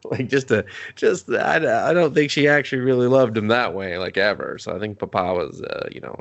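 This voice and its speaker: A man casually recapping a movie, joking and swearing as he acts out characters in loud, high voices. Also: animated, normal speed, vocal fry, lo-fi sound. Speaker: podcast co-host.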